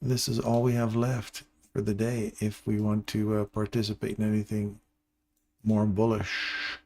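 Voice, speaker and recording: A man's voice: on the low side, monotone, measured pace, darkish tone. A man hosting a live trading stream, giving casual, playful running commentary and talking to his viewers by name.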